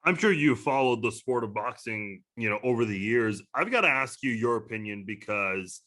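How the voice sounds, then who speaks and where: A man hosting a podcast, asking his guest questions in a measured, conversational way. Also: mid-range voice, animated, fairly bright tone. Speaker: podcast host. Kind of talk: interview questions.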